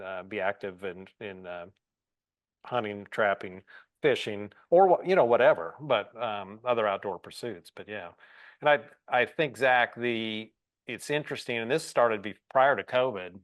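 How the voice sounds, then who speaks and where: A man's voice: on the low side, dry recording. A man hosting a podcast, talking casually and hesitantly as he searches for his words. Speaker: podcast host. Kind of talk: casual interview talk.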